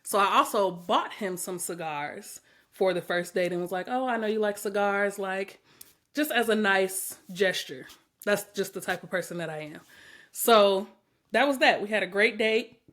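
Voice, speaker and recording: Profane, animated woman telling a story. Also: medium pitch, normal speed. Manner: animated, profane, laughs often. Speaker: podcast host. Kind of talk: casual storytelling chat.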